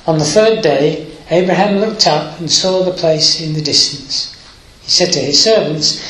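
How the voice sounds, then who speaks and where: In an echoey room with poor audio, a man with a slightly high, somewhat bright voice preaches a sermon. He reads scripture aloud and explains it unhurriedly, using hesitant fillers and sounding emotional, moved by the story.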